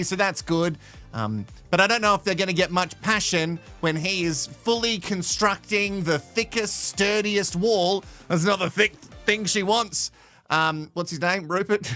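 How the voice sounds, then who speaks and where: A man's voice: high voice, bright, forceful tone. A man from Australia hosting a live show from home in playful, teasing casual commentary. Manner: chatty, playful, teasing, laughs often. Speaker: host.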